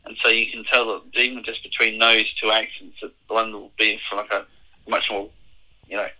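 An English man in casual conversation, explaining things in a measured way with plenty of fillers. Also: on the low side, flat delivery, sharp tone, low-quality recording. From England. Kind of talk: casual chat.

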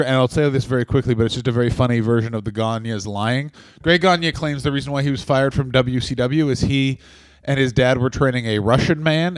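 A man in his thirties rants through a casual comedy podcast with profane bursts of mock outrage. His voice sits in a middle pitch. The sound is dry and close. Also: no echo. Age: 30s.

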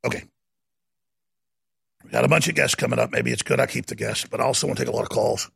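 Gravelly, fiery ranting radio host man. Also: fairly even intonation, quick pace. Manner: swings between yelling and low muttering; fiery, stammering restarts. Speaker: talk show host. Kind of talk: ranting talk radio monologue.

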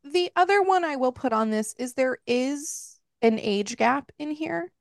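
A woman's voice: sits high, animated, a little slow, vocal fry, dry recording, clean studio sound. A woman co-hosting a podcast, casually recapping a book in a chatty way, swearing freely and laughing as she goes. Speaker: podcast co-host. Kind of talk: casual book review chat.

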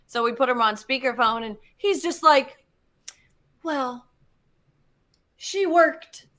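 Bright high-voiced woman telling a story. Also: slow pace. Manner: animated, swearing, acts out quotes. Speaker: guest geologist. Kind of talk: casual storytelling.

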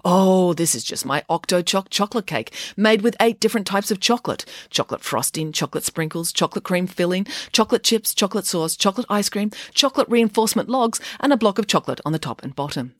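A sly young woman who sweet-talks with bright, falsely modest coaxing, put on by a storyteller. The voice sits high above the reader's own and leaps about wildly. It sounds close and dry, like a storybook read-aloud. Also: expressive, fast talker, few pauses, no echo, natural voice.

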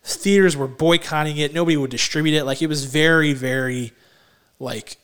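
A man co-hosting a casual movie podcast, excitable and gushing, with many "like"s and restarts. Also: on the high side, normal speed, clear, resonant tone. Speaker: podcast co-host.

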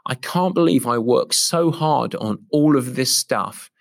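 A man's voice: mid-range voice, expressive, unhurried, gravelly, no echo, clean studio sound. A man voicing an amazed male athlete client in a put-on American accent, stretching out his exclamations.

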